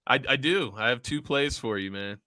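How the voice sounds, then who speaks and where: A man co-hosting a casual sports betting chat, animated and quick to laugh. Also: medium pitch, no echo. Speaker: sports show co-host.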